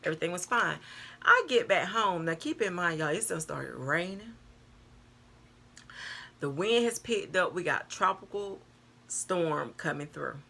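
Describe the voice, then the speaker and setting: An older woman, telling a personal story to her viewers in a chatty, animated way, calling them girl and y'all. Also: on the low side, a little slow, vocal fry, long pauses. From North Carolina, US. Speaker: vlogger. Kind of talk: casual storytelling to camera.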